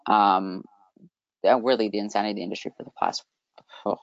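A woman from Canada, a sport scientist, talks in a lively way with many "like"s and restarts. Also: extremely low pitch, quick pace, creaky, dry recording, lo-fi sound. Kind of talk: conversational interview.

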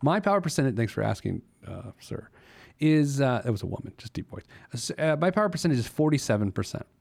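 Very animated and fast, with vocal fry and a darkish tone, a man's mid-range voice carries a personal finance podcast. As host, he gives money advice in a loose, joking monologue, chuckling at his own goofiness.

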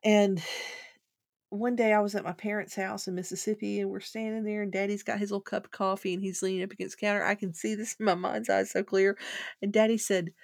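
A woman's voice: mid-range voice, brisk, creaky, no room sound, studio quality. Chatty woman telling a story. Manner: rambling, animated when telling a funny story. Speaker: guest. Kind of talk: casual storytelling.

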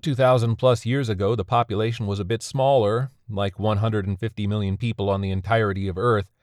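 A man's voice: lowish voice, steady tone, a little fast, darkish tone, no echo, close to an everyday voice. A man voicing a sardonic woman who captains an underworld ferry, speaking in a dry, weary, matter-of-fact way.

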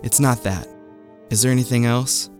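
A man voicing a gentle, patient mother speaking softly and reassuringly to her young son. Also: medium pitch, normal speed, over music, close to an everyday voice.

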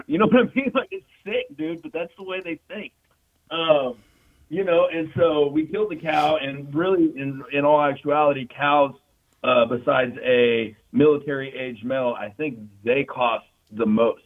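Over a tinny, phone-like line, a veteran guest with a somewhat high voice rattles off war stories. His casual storytelling is quick and profane, crowded with fillers and constant "you know what I mean."

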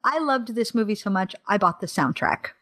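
A woman in casual conversation, enthusiastically retelling a film plot with animated, acted-out quotes. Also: mid-range voice, normal speed. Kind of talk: casual chat about films.

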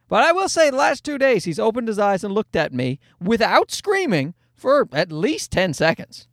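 Lively high-voiced man telling comic stories. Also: normal speed, dry recording, clean studio sound. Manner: animated storyteller, swears freely, acts out voices. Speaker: podcast host. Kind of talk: comedic solo podcast monologue. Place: Toronto.

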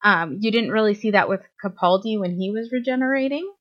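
A woman's voice: medium pitch, a little fast. A woman co-hosting a podcast, chatting casually with a lot of fillers and restarts. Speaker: podcast co-host. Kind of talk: casual fan chat. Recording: slightly dull lo-fi audio.

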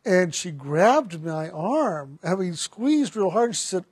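A man who works as a spiritual counselor telling a personal story in an earnest, gentle way, with frequent restarts. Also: high voice, very animated, takes it slowly, few pauses, breathy edge, no room sound, studio quality.

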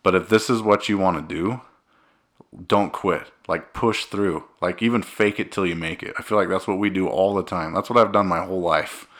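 Low-voiced utah guy cohosting a podcast, earnest and emotional, kinda rambly. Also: moderate pace, fairly bright tone. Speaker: podcast co-host. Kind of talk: casual podcast chat.

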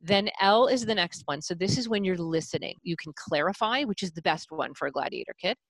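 A middle-aged woman parenting coach talks with animated, demonstrative energy. She swings her pitch freely as she acts out examples. The recording is dry and close. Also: a little fast, dry recording. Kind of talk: coaching talk.

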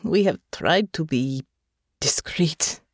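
An earnest young woman soldier, voiced by a female audiobook narrator, speaking softly and formally with quiet resolve. Her voice sits low for a woman, and the recording is dry and close. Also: animated, slow pace, slightly rough, no room sound, full character voice. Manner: soft, sincere, formal phrasing. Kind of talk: audiobook character voice.

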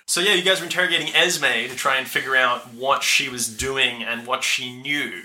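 A man running a tabletop game, recapping the last session in a loose, conversational way. His voice is very bright and clear, at a middle pitch, and he laughs easily between points. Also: normal speed. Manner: relaxed, laughs easily, fillers. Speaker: game master. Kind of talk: casual recap of a tabletop campaign.

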